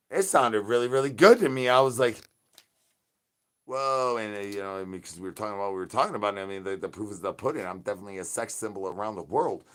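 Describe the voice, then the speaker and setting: A man hosting a comedic livestream in a zombie persona, chanting sing-song rhyming nonsense, boasting crudely and begging loudly for brains. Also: on the low side. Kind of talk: in-character comedic livestream chatter.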